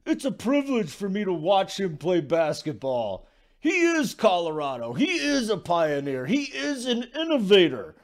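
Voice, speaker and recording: A man's voice: high-pitched, big pitch swings, moderate pace, pitched above the performer's own voice. A man putting on an impression of an older basketball broadcaster, gushing with grandiose praise. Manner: exaggerated, sweeping praise.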